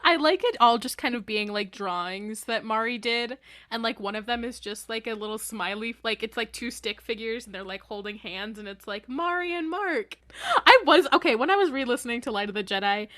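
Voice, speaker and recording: A young woman co-hosting a podcast, animated and quick with her asides. Her voice sits a little high and sounds dry and close, with no room echo. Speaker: podcast co-host. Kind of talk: casual chat.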